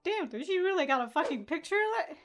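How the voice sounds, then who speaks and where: A woman's voice: very high-pitched, very animated, quick pace, faint music behind. A young woman hosting an anime reaction, chatting casually, laughing often, swearing freely and restarting her sentences.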